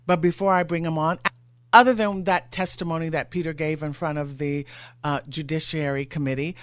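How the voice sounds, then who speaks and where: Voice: mid-range voice, fairly even intonation, a little fast, dry recording. A talk radio host in a studio, getting worked up and firing off rhetorical questions.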